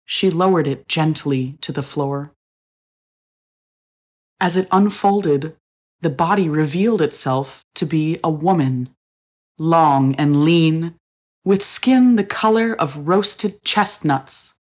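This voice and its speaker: Female narrator for audio fiction, low register, steady expressive reading. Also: slow pace. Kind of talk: scripted story narration.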